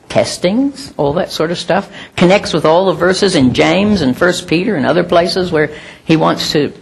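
A woman's voice: lowish voice, gravelly, slightly rough. A middle-aged woman preaching a sermon in a conversational, emphatic way with self-mocking humor.

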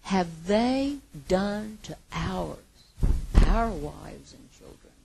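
A woman preaching a sermon with passion, her voice moving between hushed and loud. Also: mid-range voice, expressive, extremely slow, creaky, background noise.

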